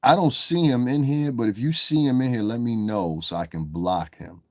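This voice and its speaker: A man hosting a live stream talks loosely to viewers in the chat, cursing a lot. His mid-range voice moves at a moderate pace, and the clean studio sound has no echo.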